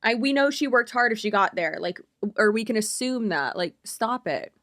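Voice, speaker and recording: A woman's voice: fairly high pitch, animated, moderate pace, a bit bright. A woman YouTuber giving blunt, opinionated reaction commentary, rambling with lots of fillers.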